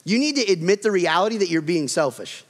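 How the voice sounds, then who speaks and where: A man preaching a sermon as pastor, animated, acting out everyday quarrels with a rising voice. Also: sits high, fast talker. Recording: long hall reverb.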